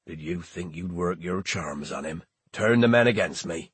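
A man's voice: sits low, lively intonation, normal speed, husky, no echo, pitched below the performer's own voice, heavily acted. A man voicing a harsh, jealous pirate captain who growls through gritted teeth. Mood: menacing. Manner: growling, menacing.

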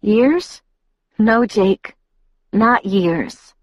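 A woman's voice: lively intonation, extremely slow, dry recording, highs cut off. A woman reading a novel aloud, voicing an anxious teenage girl who pleads in a tight, raised voice. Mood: pleading. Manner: higher, pressed and urgent in her lines.

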